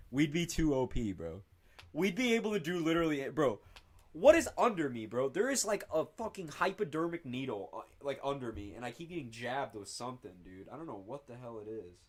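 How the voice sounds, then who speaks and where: A young man from northern Indiana rambles through a casual livestream, reacting to viewer comments with excitable energy. He swears freely and drops "bro" every few words. His voice sits at a middle pitch, neither deep nor high. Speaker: streamer.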